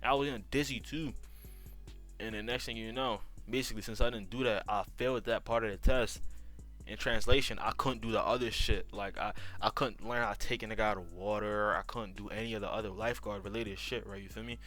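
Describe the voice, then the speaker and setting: A man with an African accent tells a casual storytime in a low voice, slangy and profane. He rambles and keeps checking in with the listener. Faint music plays behind him. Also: fairly even intonation, brisk, fairly bright tone. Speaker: YouTube storyteller.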